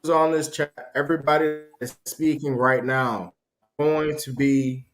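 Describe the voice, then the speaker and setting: A man hosting a live stream, building up his audience with upbeat, drawn-out motivational talk. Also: on the high side, steady tone, fairly bright tone. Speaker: host of a crypto live stream.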